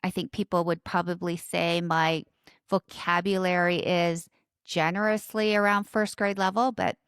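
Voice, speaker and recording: A woman's voice: on the low side, flat delivery, moderate pace, fairly bright tone, clear, resonant tone, no room sound. A woman in her fifties with a Southern California accent, hosting a personal storytelling podcast in a reflective, conversational way with light self-deprecating asides. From born in South Korea, raised in Southern California. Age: 50s. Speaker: podcast host.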